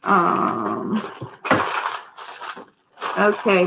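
A woman's voice: on the high side, big pitch swings, drawn-out words, vocal fry, long pauses, slight background noise, rough recording. A woman hosting a casual live-stream sale, chatty and rambling, greeting viewers by name. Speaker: host of a live online sale.

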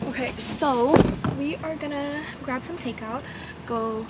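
A woman's voice: sits high, unhurried, very noisy. A young woman vlogging in a chatty, upbeat, casual way, full of fillers. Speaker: lifestyle vlogger. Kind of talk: casual vlog chat. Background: music.

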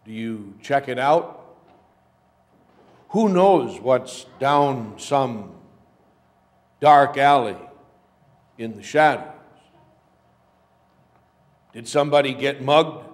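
A man preaching a sermon as pastor, telling a story in a slow, measured way. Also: medium pitch, lively intonation. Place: church sanctuary. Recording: long church reverb.

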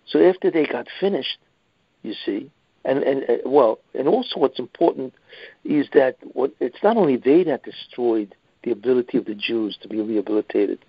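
A rabbi giving a weekly lecture in an emphatic manner, often adding "you see". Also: male voice, mid-range voice, expressive, normal speed, breathy edge, dry recording. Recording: dull lo-fi dry recording.

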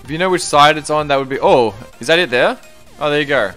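A young man streaming a game, chatting casually, reading viewer comments aloud and breaking into excited exclamations. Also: on the high side, quick pace, soft background music. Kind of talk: live-stream gameplay commentary.

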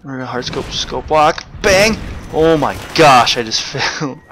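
A young man giving rambling, excitable live commentary while playing a shooter game. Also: mid-range voice, moderate pace, background noise. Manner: chatty, rambling, excitable bursts. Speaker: gamer doing live commentary. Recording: game gunfire loud in background. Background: gunfire and game sounds.

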